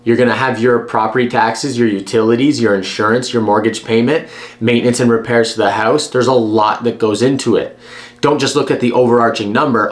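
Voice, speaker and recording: A man's voice: medium pitch, steady tone, normal speed. Blunt, emphatic man giving advice. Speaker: real estate agent. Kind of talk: direct-to-camera advice vlog.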